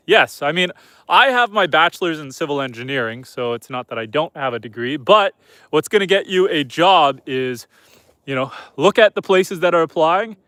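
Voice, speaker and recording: This young man's voice is fairly high, pushed and bright, in a dry recording. Hosting an outdoor farm livestream at night as a homesteader, he chats casually, addresses his animals and reads viewers' comments aloud.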